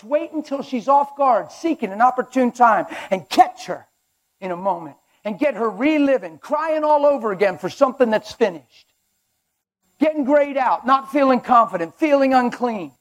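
Man, preacher, sermon, emphatic, animated, high voice. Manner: emphatic, animated, acts out skits.

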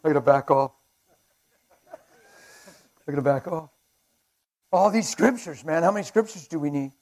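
A man preaching a fervent sermon at a men's breakfast, swinging between shouts and hushed asides and laughing with the crowd. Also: a little high, lively intonation, normal speed, gravelly. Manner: laughs and chats with the audience.

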